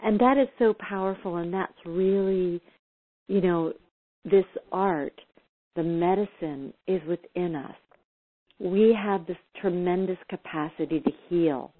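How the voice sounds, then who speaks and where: A woman host speaks calmly and affirmingly in a somewhat low voice. She comes through a tinny, phone-like line. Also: measured pace. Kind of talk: casual conversation.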